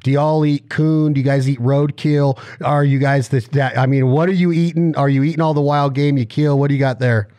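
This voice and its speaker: A man's voice: medium pitch, steady tone, a little fast, hardly any pauses, mellow, dry recording. A man hosting a casual interview, joking and rambling through long strings of questions. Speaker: podcast host.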